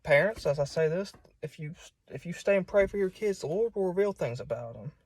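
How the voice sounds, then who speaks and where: A man's voice: high-pitched, lively intonation, fairly quick, dry recording. A man giving an informal sermon in an earnest, plain-spoken way. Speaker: preacher.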